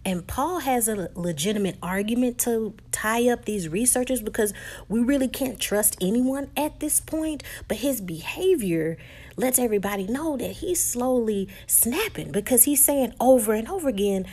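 A woman recapping a film in a conversational, animated retelling. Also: on the high side, normal speed. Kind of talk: casual movie recap.

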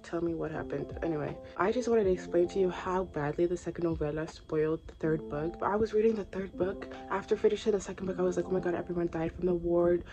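A woman's voice: lowish voice, fast, few pauses, muffled recording. A woman with a sore throat, chatting casually about a book and retelling her own reactions. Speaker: book reviewer. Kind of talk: casual vlog chat. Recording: clear music playing underneath.

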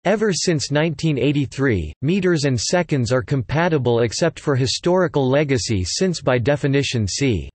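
A synthetic male voice reads an encyclopedia article in a flat, even manner, spelling out formula markup letter by letter. Its pitch sits in a middling range for a man. The sound is close and dry, with no room around it. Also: normal speed, hardly any pauses, husky, no room sound. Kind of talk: text-to-speech article reading.

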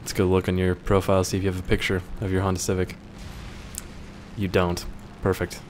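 A man's voice: deep voice, completely flat delivery, brisk, background noise. A young man reading viewer questions aloud and answering them in a casual, joking way, swearing now and then.

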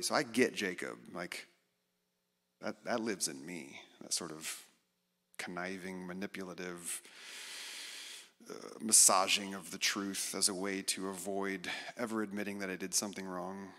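Middle-aged man, conversational sermon, animated, self-deprecating, long hall reverb. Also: low voice, measured pace, long pauses. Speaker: guest speaker.

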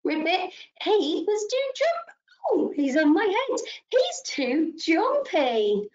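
A woman leading a children's story session, talking to toddlers in an animated sing-song way, gasping with delight and coaxing them to join in. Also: very high voice, slow, dull audio. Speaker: early years practitioner.

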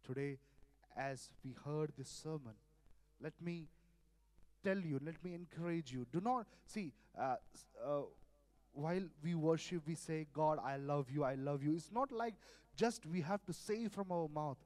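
A male preacher delivers a sermon, his voice sitting a little higher than most men's. He repeats phrases with earnest insistence and swings from loud emphasis to near quiet. The sound is dry and close. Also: measured pace, no room sound. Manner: earnest, repetitive, sudden swings in loudness.

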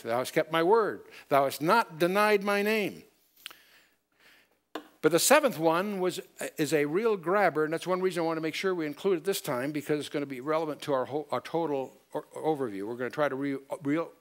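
Man teaching Bible, slightly high voice. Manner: explanatory, quotes scripture in old English wording. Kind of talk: Bible study lecture to a group.

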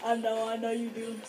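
A woman chatting casually with friends while gaming, loud and excitable, swearing freely. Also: on the high side, slight background noise, low-quality recording. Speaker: gamer playing with friends.

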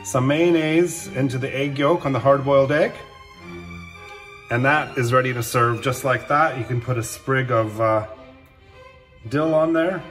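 A man hosting his own cooking channel, talking through a recipe in a relaxed, chatty way with frequent filler words. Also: mid-range voice, measured pace, long pauses, roomy sound, soft background music. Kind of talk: casual cooking demonstration.

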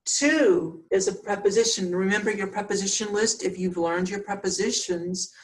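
A woman's voice: mid-range voice, moderate pace, hardly any pauses, recorded from a distance, poor audio. A woman teacher giving a patient grammar lesson, repeating points and checking in with "right?". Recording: voice from across the room.

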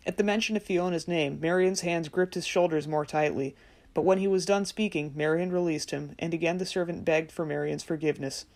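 A woman narrating a fairy tale audiobook in a measured, gentle storytelling manner. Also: fairly low pitch, steady tone. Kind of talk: scripted narration.

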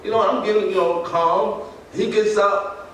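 A man's voice: high voice, fairly even intonation, unhurried, a bit bright, a little hiss or hum. Give me a man preaching a testimony in a church, laughing as he acts out what people said, heard from a distance. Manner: storytelling, laughing, acting out dialogue. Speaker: pastor. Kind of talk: sermon testimony. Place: church sanctuary. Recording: echoey church from far off. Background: congregation responses.

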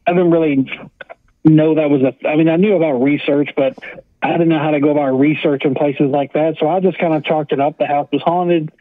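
A man tells a ghost story as an interview guest, circling back with "like" and "I was like". His voice sits a little high. It comes over a thin, phone-like line with no room sound. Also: fairly even intonation, a little fast, dry recording. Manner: rambling, repeats "I was like" and "like". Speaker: paranormal investigator guest.

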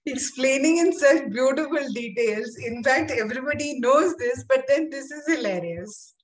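A woman hosting an interview, making slow, appreciative remarks. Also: sits high, expressive. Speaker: interview host. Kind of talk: interview talk.

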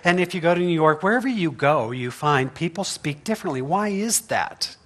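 A man's voice: on the high side, expressive, brisk, fairly bright tone. A man giving a conversational sermon as pastor, chatty and humorous, often laughing and checking in with the congregation. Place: church sanctuary.

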